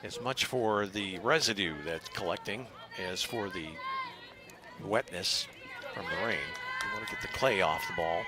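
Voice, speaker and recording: A man giving live play-by-play commentary on a softball game, measured and analytical, at times rising to shouts on big plays. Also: on the low side, lively intonation, crowd noise. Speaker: play-by-play announcer.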